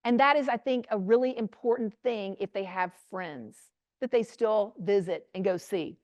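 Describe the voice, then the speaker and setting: A middle-aged woman giving a lively, blunt talk to a room of parents, chatty and animated, acting out quoted voices. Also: medium pitch, normal speed, dry recording. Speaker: speaker addressing parents. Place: room with an audience.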